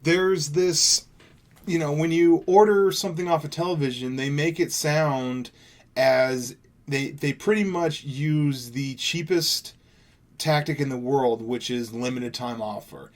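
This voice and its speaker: A man's voice: on the high side, measured pace. A young man from Seattle giving casual gameplay commentary as a gaming YouTuber, rambling and laid-back, swearing now and then. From Seattle, USA.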